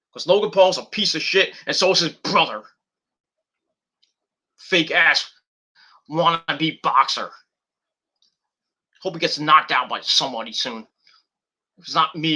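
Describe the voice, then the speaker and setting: Sharp-voiced, profane man recapping wrestling. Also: a little high, husky. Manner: profane, blunt, rambling play-by-play. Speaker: wrestling reviewer. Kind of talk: casual match recap.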